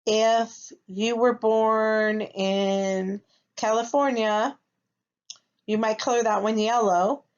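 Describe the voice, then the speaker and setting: Slow, patient woman teaching first graders. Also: fairly high pitch, steady tone, smooth. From United States. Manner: patient, slow, checks in with "okay?". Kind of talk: recorded classroom lesson. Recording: slightly dull lo-fi recording.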